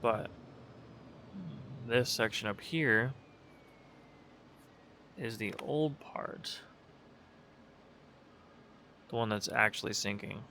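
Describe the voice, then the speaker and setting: Speaking extremely slowly and pausing often, this young gaming video creator offers sleepy, rambling commentary as he flies in a game, frequently correcting himself. His fairly low voice is creaky with a sharp tone. Slight background noise is audible.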